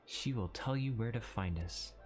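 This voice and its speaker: An earnest, formal recruiter who speaks in measured, polished sentences, as a man reads him from a game. The voice sits on the low side. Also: natural voice. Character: earnest male adventurers' guild recruiter. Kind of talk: reading game dialogue aloud on stream.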